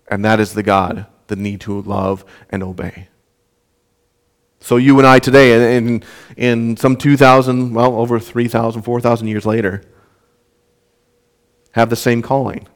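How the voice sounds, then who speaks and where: Young male pastor, sermon delivery, smooth clear voice, mid pitch, earnest with frequent restarts. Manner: earnest, repeats words when restarting.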